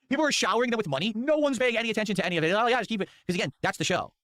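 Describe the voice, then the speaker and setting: The host of this commentary show has a high voice, talks very fast, and is recorded with no echo. He mocks the clips he reacts to, staying animated and wandering off into rambling asides.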